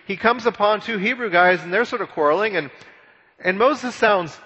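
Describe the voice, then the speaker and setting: A man preaching a sermon, retelling a scripture story in a conversational, animated way with frequent repeated words. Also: high voice, moderate pace, breathy edge, big-room sound, lo-fi sound. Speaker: pastor.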